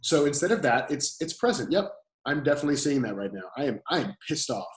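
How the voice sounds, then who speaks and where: A man, the guest of a podcast interview, talking calmly as a coach and repeating his key phrases. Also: mid-range voice, fast talker, reverberant, rough recording.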